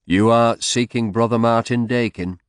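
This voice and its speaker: A man's voice: medium pitch, steady tone, normal speed, clean tone, dry recording, studio quality, pitched above the performer's own voice, close to an everyday voice. A man reading the part of a tired, polite middle-aged barrister with a Northern English accent. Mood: concerned.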